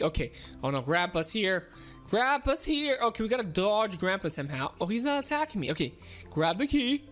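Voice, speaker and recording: Bright, excitable gaming woman. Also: high voice. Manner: excitable, giggly, talking to herself as she plays. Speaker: gaming video creator. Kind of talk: casual game commentary.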